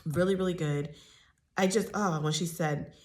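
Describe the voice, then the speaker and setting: A woman's voice: lowish voice, steady tone, moderate pace, slight background noise. A woman giving a casual, opinionated reality TV recap, chatty and full of fillers and restarts. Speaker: TV recap host.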